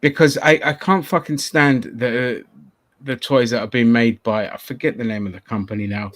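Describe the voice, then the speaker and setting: A man's voice: medium pitch, steady tone, normal speed, fairly bright tone. A man from London hosting a casual podcast chat, rambling and swearing freely, often laughing. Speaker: podcast host.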